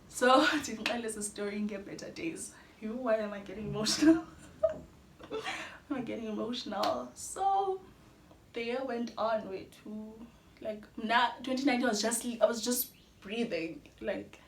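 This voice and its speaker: A woman's voice: mid-range voice, moderate pace, echoey room, slight background noise. Candid young South African woman vlogging. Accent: South African, Xhosa-speaking. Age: young adult. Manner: candid, chatty, mixes in Xhosa phrases, laughs between sentences. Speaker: YouTuber. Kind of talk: personal storytelling vlog.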